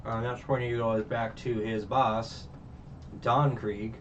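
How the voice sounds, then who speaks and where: A man's voice: mid-range voice, flat delivery, takes it slowly. A man casually recapping a show as a reviewer, rambling with many fillers and restarts. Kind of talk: casual chat. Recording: muffled distant mic, faint background noise.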